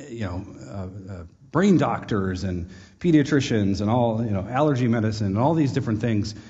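A man's voice: mid-range voice, darkish tone. A man teaching a sermon to a live audience in a conversational way, with wry, joking asides. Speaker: preacher. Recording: echoey hall, dull lo-fi sound.

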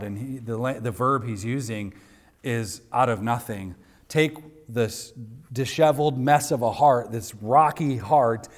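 Emphatic male preacher in a reverberant hall. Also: mid-range voice. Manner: emphatic, rising to forceful peaks. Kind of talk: sermon.

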